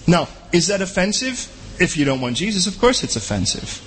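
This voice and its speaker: Male pastor, high lively voice, conversational sermon with rhetorical questions. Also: a little fast.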